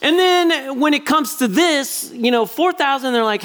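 A man preaching a sermon as pastor, animated and acting out little quoted voices as he talks. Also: very high-pitched, unhurried, few pauses.

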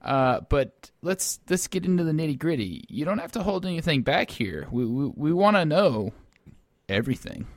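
A man's voice: fairly high pitch, big pitch swings, moderate pace, no room sound, clean studio sound. Eager stammering male podcast host. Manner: eager, stammering, repeats words. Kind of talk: improvised comedy podcast interview.

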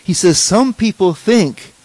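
A man's voice: high voice, expressive, a little slow, darkish tone, dry recording, poor audio. A man giving a conversational scripture class as a spiritual teacher, often restarting sentences and checking in with rhetorical questions.

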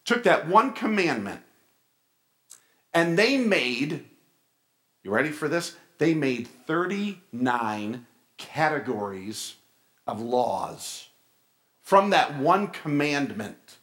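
A man's voice: fairly high pitch, takes it slowly, pauses often. Guy preaching in church, lots of questions to the crowd, voice jumps all over. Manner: animated preacher, asks the congregation questions. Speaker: pastor. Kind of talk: sermon. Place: church sanctuary.

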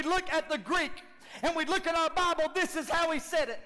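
A man preaching a sermon as lead pastor, dropping low and soft, then rising to shouts as he acts out quoted dialogue. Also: normal speed. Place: church sanctuary. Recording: long reverb of a large hall.

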